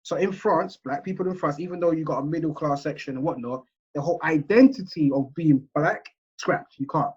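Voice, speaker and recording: A man's voice: on the high side, fairly quick, darkish tone, breathy edge. English man lecturing over a muffled call. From England. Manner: conversational, chatty, checks in with listeners. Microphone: video call. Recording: muffled video call audio.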